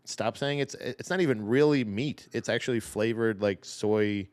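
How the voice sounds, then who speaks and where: A man's voice: fairly low pitch, moderate pace. A young man co-hosting a podcast, telling stories animatedly, acting out quotes, and swearing casually. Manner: animated storyteller, acts out quotes, profane. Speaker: podcast co-host. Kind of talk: casual chat.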